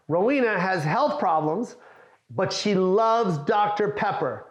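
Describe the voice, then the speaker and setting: A middle-aged male comedian tells a story with big swings in his high, lively voice. He acts out each voice and curses freely. The room is echoey, with faint music underneath. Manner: animated, acts out every voice, swears freely. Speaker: stand-up comedian. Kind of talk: comic storytelling for an animated short. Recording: roomy echo with faint music.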